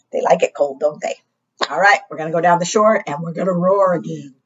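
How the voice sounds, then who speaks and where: A woman's voice: lowish voice, a little fast, a bit bright, slightly rough, muffled recording. A woman librarian singing and leading a children's action song, cheerful and encouraging as she talks to small children.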